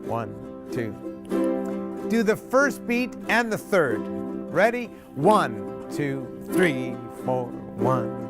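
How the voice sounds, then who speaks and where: A man's voice: mid-range voice, sing-song, extremely slow, loud music behind the voice. A man teaching a group ukulele class, counting beats aloud, calling chords and quizzing the students. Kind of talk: group music lesson. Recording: loud ukulele strumming behind.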